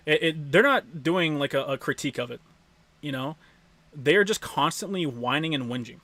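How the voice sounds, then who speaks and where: A man's voice: on the high side, a bit bright, dry recording. Heated, cursing male streamer ranting. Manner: stammering restarts when worked up. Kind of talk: casual livestream rant to chat.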